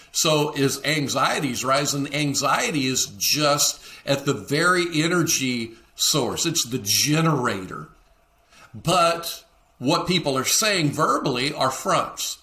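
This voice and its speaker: A man's voice: medium pitch, bright, forceful tone. A middle-aged man hosting a leadership podcast, talking alone to listeners and acting out the dialogue he quotes. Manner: acts out quoted dialogue in shifting voices. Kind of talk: solo podcast teaching talk.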